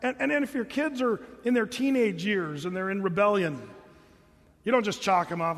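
High-voiced folksy pastor preaching. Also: male voice, moderate pace, a bit bright, in a large hall. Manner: earnest and folksy, talks straight to the congregation. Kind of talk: sermon.

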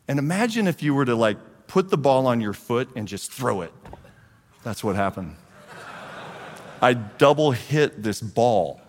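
A man in his forties, a guest speaker at a church men's group, gives a storytelling testimony and acts out the dialogue with lively energy. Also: mid-range voice, a little slow, pauses often. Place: church hall. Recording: long reverb of a large hall.

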